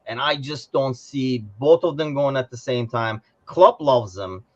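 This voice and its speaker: A man's voice: mid-range voice, a little slow. Rambling man on lo-fi audio. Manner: rambling, animated, laughs often. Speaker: podcast co-host. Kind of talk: casual football chat.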